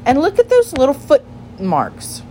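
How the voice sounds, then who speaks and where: A woman's voice: sits high, wildly swooping pitch, measured pace, mellow, a little hiss or hum, pitched above the performer's own voice, full character voice, low-quality recording. Lucy, a curious polite little girl, as a woman puts her on. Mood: eager. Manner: eager and polite. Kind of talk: storybook read-aloud.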